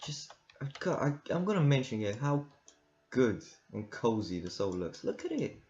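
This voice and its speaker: A man's voice: mid-range voice, sing-song, normal speed, a little mellow, a little hiss or hum. A man giving rambling, casual commentary while playing a game, laughing often. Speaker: gamer. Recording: dull lo-fi recording with game music. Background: game music.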